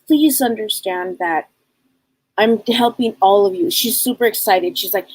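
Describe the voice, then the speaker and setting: Woman psychic medium, husky voice, mid pitch, stop-start relaying of messages, dry sound. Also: a little mellow, no room sound, rough recording. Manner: halting, repetitive, relays messages in first person.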